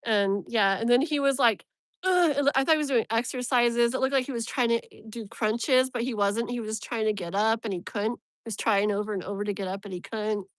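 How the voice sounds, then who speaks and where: A woman's voice: a little high, fairly even intonation, a little fast, hardly any pauses, no echo, clean studio sound. A woman tarot reader chatting casually on a live stream from her phone, rambling and laughing often.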